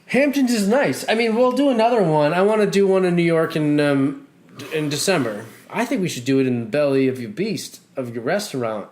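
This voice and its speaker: A man's voice: fairly high pitch, animated, brisk, darkish tone. Man, podcast co-host, laid-back, playful, laughs often. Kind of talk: casual podcast banter.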